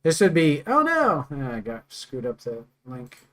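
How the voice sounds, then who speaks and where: A man's voice: on the high side, huge pitch swings, unhurried. A man hosting and teaching trading in a casual, rambling way, joking and thinking aloud with many fillers. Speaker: trading instructor and host.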